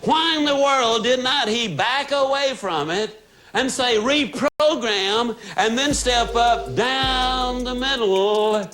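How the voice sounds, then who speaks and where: A man giving a folksy, emphatic motivational speech to a live audience of salespeople, dropping his voice low for effect. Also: slow, bright, forceful tone. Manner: folksy and emphatic, with sudden dramatic drops in voice. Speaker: motivational speaker. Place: stage before a live audience. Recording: music playing behind the voice. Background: background music.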